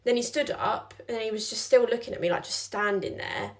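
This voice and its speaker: A woman's voice: fairly high pitch, brisk. Chatty young woman telling a story. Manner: chatty, many "like"s, acts out quoted lines. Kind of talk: casual storytelling.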